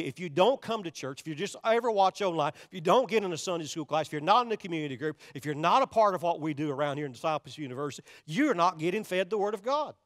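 A man's voice: on the high side, a bit bright. A male pastor preaching a sermon, emphatic and repetitive, pressing his points directly on the congregation. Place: church sanctuary. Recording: long reverb of a large church sanctuary.

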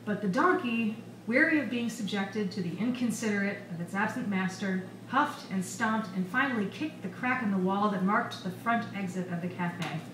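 A woman's voice: mid-range voice, normal speed, hardly any pauses, noisy background. Woman reading fiction in an echoey bar. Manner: expressive storytelling. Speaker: author reading her novel. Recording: echoey bar recorded from far off, faint ambience.

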